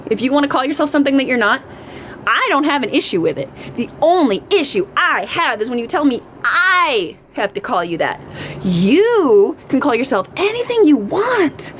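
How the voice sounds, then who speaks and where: A woman's voice: high voice, fairly bright tone, a little hiss or hum, poor audio. A middle-aged woman ranting on a live stream, emphatic and repetitive, often swearing. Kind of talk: unscripted live-stream rant.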